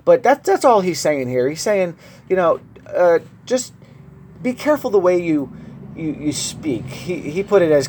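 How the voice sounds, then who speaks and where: Higher-voiced man preaching conversationally. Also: very animated, normal speed, a little mellow, slightly rough. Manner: conversational preaching with personal stories. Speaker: pastor. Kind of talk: sermon.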